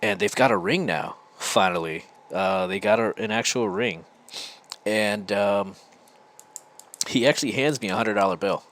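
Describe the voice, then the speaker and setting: Low-voiced man telling a rambling story. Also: lively intonation, normal speed, vocal fry, fairly bright tone. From United States. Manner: rambling, full of restarts and fillers. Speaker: podcast host. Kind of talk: casual storytelling monologue.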